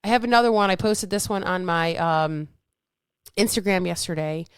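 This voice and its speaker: A woman's voice: on the low side, fairly even intonation, moderate pace, smooth, dry recording, studio quality. A woman fitness coach hosting her podcast in a casual motivational talk, blunt and upbeat, swearing freely.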